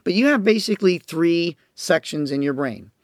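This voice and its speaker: A man's voice: fairly high pitch, expressive, normal speed, no room sound, clean studio sound. A man teaching parents in a recorded lecture, explaining in an earnest, emphatic way. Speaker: parenting educator and counselor.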